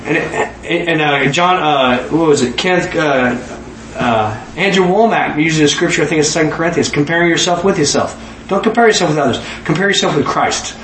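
A man preaching a sermon in an animated way, acting out dialogue in voices and laughing often. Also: fairly high pitch, moderate pace, slight background noise. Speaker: pastor. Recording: echoey room with faint ambience.

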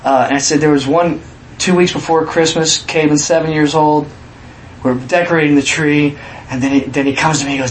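A middle-aged man preaching a sermon in a conversational, animated storytelling way. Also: on the high side, fairly quick, slight background noise, poor audio. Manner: animated, conversational, acts out quotes.

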